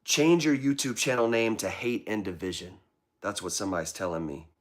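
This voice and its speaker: A man's voice: on the low side, a little fast. A man hosting a live political vlog, reading viewer comments aloud and answering them with impassioned, preachy commentary. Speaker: political vlogger.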